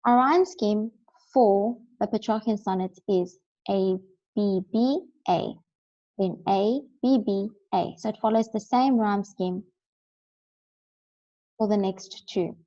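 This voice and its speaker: A woman's voice: medium pitch, takes it slowly, mellow, lo-fi sound. A woman teaching a recorded lesson, explaining step by step and often checking in with "right?".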